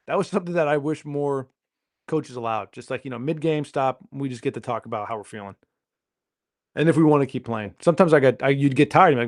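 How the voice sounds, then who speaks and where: A man's voice: mid-range voice, a little fast. A man hosting his own podcast, rambling through a jokey solo monologue and questioning himself as he goes. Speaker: podcast host.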